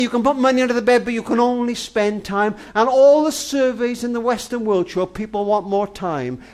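A man telling a long tender story on a family radio program, addressing the listener as "darling" and slowing right down to hushed words for emphasis. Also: high voice. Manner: tender, dramatic storyteller, often says "darling"; slows and drops to near-whisper for emphasis. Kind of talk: storytelling talk.

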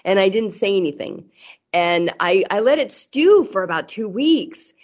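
A chatty woman talking openly about relationships. She slips into the voices of people in her stories, and her voice sits at a middle pitch. The audio is a little dull and muffled. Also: very animated, a little slow, darkish tone. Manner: chatty, acts out quoted dialogue. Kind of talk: casual chat about marriage.

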